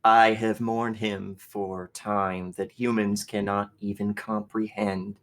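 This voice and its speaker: A man voicing a cold, hateful ancient female machine ruler in a tabletop role-play, with a slow, contemptuous, seething delivery. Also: on the low side, little pitch movement, fairly bright tone, rough recording. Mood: seething contempt.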